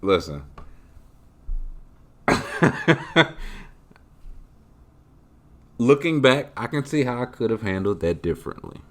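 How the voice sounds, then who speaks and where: Deep-voiced joking podcast host man. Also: fairly quick, hardly any pauses. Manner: joking, animated, conversational. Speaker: podcast host answering listener questions. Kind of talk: casual chat.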